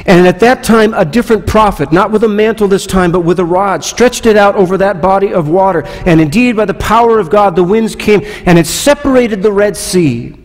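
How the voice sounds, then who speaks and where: A man's voice: high-pitched, a little fast, few pauses, long reverb tail. A man pastor preaching a sermon, conversational, asking the listeners rhetorical questions. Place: church sanctuary.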